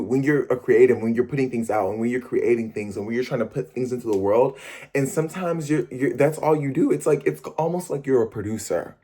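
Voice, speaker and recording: Animated man chatting to his viewers. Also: mid-range voice. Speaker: vlogger and performer. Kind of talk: casual chat to camera.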